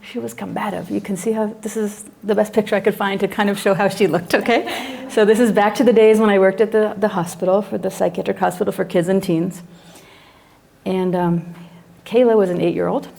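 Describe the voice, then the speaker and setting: A woman's voice: medium pitch, fairly even intonation, brisk, vocal fry, darkish tone. A woman psychologist teaching a class, telling a story about a client and acting out her own reactions as she goes.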